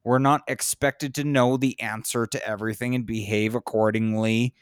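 A man in casual chat who talks in a profane, animated way and gets louder and higher when he is worked up. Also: moderate pace, clean tone, no room sound, studio quality. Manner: profane, animated, rises in pitch when impassioned.

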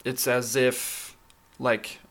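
Gravelly man in casual podcast chat. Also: mid-range voice, flat delivery, extremely slow, a bit bright. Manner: enthusiastic, laughs while retelling scenes. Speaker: podcast co-host.

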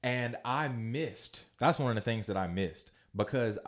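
A man co-hosting a casual conversation, relaxed and hesitant as he thinks aloud. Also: mid-range voice, measured pace. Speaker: co-host.

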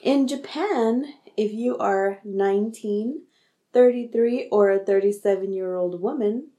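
A woman's voice: mid-range voice, measured pace, mellow. A woman in her thirties co-hosting a casual podcast, playful and giggly with dry jokes. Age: 30s. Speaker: podcast co-host. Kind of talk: casual chat.

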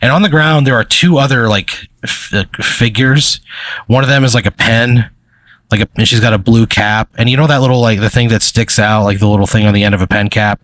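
A man's voice: medium pitch, a little fast, a bit bright, dry recording. A man narrating a tabletop game as game master, rambling with many fillers. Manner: rambling, filler-heavy storytelling.

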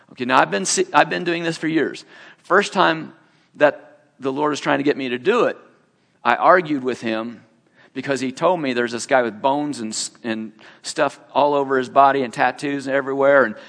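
Guy preaching, just chatting thru a story, mid pitch, big hall echo. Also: creaky, a bit bright. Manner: conversational, acts out the people in his story. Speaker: preacher sharing a testimony. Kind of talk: sermon storytelling. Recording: long hall reverb.

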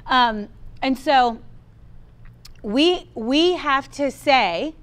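Woman preacher, clear smooth voice, a bit high, fired up and emphatic, talks right to the congregation. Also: animated, very slow, long pauses, a bit bright. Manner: emphatic, quotes the congregation's inner voice; addresses listeners by name. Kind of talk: sermon.

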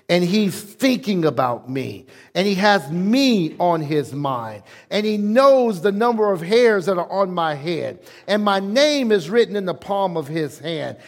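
A man pastor preaching a sermon, emphatic, leading the congregation in call-and-response. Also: high voice.

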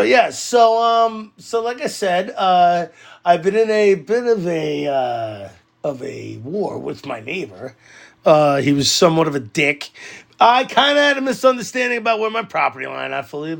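A man, co-hosting a podcast and telling a story in casual chat, animated and swearing a lot. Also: sits high, creaky. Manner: animated, swears a lot, loudly acts out quoted arguments. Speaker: podcast co-host.

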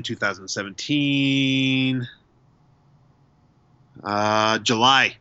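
A man's voice: lowish voice, takes it slowly, pauses often, pushed and bright, dull audio, slight background noise. A man co-hosting a casual chat show, talking enthusiastically and gushing about what he likes. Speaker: podcast co-host.

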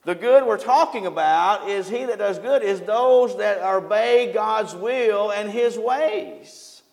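A man's voice: high-pitched, slow pace. A man preaching a sermon in a folksy way, often asking his congregation questions. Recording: long hall reverb.

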